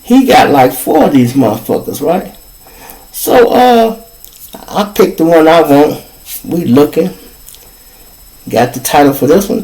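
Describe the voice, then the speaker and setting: A man's voice: on the high side, rough recording. A man with a Chicago accent hosting his own show, telling rambling, profane stories in a casual monologue. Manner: profane, rambling, animated storyteller. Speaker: podcast host.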